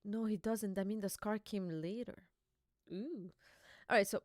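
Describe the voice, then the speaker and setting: A woman's voice: mid-range voice, lively intonation, normal speed, no room sound, clean studio sound. A young woman hosting a live reaction stream, chatty and giggly, reading dialogue aloud.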